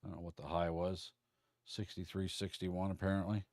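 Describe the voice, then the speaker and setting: A middle-aged man with a low voice walks viewers through futures charts in a loose, folksy livestream lesson. He rambles and trips over a word here and there. The sound is dry and close. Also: little pitch movement, moderate pace, a little mellow, dry recording. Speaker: trading instructor.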